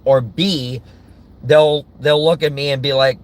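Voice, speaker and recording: A man's voice: mid-range voice, steady tone, a little slow. A man vlogging from his car in a casual, rambling monologue, often chuckling.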